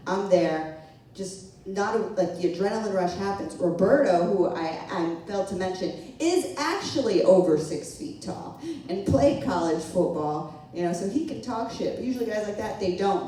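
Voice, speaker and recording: A woman's voice: fairly low pitch, warm tone, distant mic, a little hiss or hum. Chatty woman telling a story in an echoey room. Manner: casual, chatty, laughing and swearing often. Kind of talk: live storytelling to an audience. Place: small event room with a live audience.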